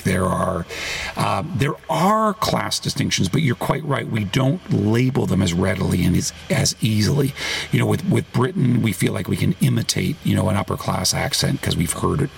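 A man talking as a guest author on a podcast, rambling, correcting himself mid-sentence and getting animated. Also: mid-range voice, vocal fry, slight background noise. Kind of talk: podcast conversation.

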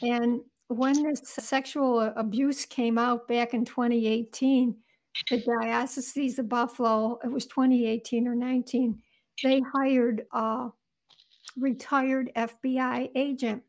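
A woman with a noticeably high voice, a guest on an interview show. She tells her story earnestly and step by step, lingering on vivid details. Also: little pitch movement, slow pace, darkish tone. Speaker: guest author.

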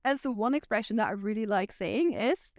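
A woman's voice: mid-range voice, lively intonation, brisk, darkish tone, no echo, studio quality. A Belgian woman, a native Flemish speaker, chatting frankly and casually on a podcast, with a Flemish accent and lots of "like". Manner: chatty, uses "like" a lot, frank. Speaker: guest.

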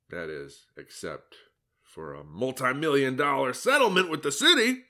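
A man's voice: mid-range voice, very animated, normal speed, bright, forceful tone. A man giving sarcastic, mocking solo commentary on his own article, laughing at his own jokes.

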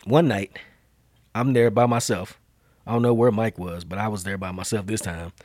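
A man hosting a podcast, telling a story in a lively, slang-heavy way and acting out the quotes. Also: fairly low pitch, moderate pace, no room sound. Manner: animated, slangy storyteller who acts out quotes. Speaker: podcast host. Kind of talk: casual storytelling chat.

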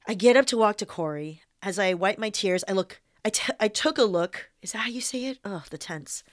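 A young woman reads her own personal essay aloud, candid and wry, now and then swearing. Her voice sits at a middle pitch. The recording is dry and close, with no room sound. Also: normal speed, no room sound.

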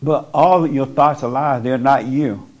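A man's voice: mid-range voice, moderate pace. Blunt, insistent man counseling someone. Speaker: spiritual counselor. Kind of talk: preaching counsel to a person in front of him. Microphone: speaking into a microphone.

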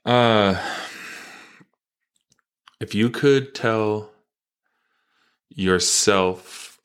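A man with a very low voice hosts a relaxed interview. He talks in a friendly, easygoing way and reassures his guest as he moves toward his questions. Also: drawn-out words, smooth. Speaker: podcast host. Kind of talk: casual interview chat.

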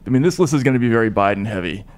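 A man co-hosting a podcast, talking in a dry, deadpan, loose and rambling way. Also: mid-range voice, racing. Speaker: podcast co-host. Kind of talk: casual podcast chat.

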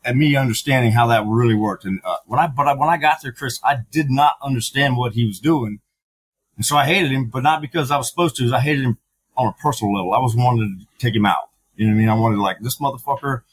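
Husky middle-aged man, frank and halting. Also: medium pitch, poor audio. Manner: frank and profane, halting with many fillers. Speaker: podcast guest, veteran. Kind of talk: candid conversational storytelling.

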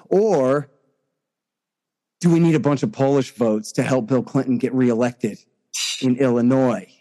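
A man giving conversational political commentary as an interview guest, emphatic and restarting often, his pitch climbing sharply when he gets indignant. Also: a little mellow.

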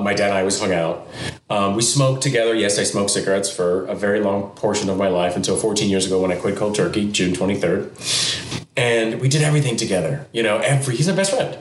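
A middle-aged man, a TV news anchor guesting on a podcast, telling personal stories candidly and acting out what his family said. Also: a little hiss or hum. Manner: animated, acts out quoted family members with sudden high pitch jumps. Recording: roomy echo.

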